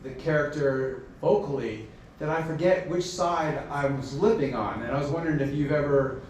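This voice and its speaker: A man's voice: a little high, normal speed, a little mellow, slight background noise. A man in the audience asking a rambling, hesitant question full of fillers. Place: convention panel hall. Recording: echoey convention hall from far off.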